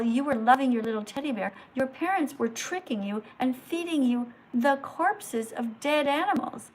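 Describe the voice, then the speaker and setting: A woman hosting a livestream, lecturing slowly and emphatically like a teacher. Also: sits high. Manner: slow, emphatic teacher-like delivery. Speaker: livestream host.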